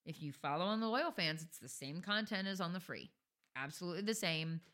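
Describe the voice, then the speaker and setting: A woman's voice: lowish voice, lively intonation, a little fast, a bit bright. A woman co-hosting a podcast in casual chat, blunt and chatty, swearing casually. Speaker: podcast co-host.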